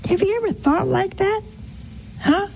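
A woman's voice: very high-pitched, a little slow, creaky, darkish tone, slight background noise, rough recording. A woman giving a folksy, wry sermon-style teaching on air, speaking straight to her listeners. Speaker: religious broadcaster.

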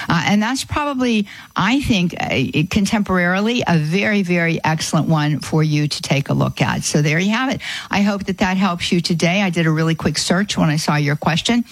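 A woman hosting a call-in radio advice show, speaking haltingly with many fillers and restarts. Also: fairly low pitch, dry recording, rough recording.

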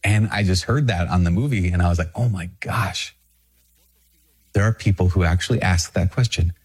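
A middle-aged man, a priest, giving an earnest, animated talk with lively self-mocking asides. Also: sits low, normal speed, breathy edge. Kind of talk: podcast homily and video talk.

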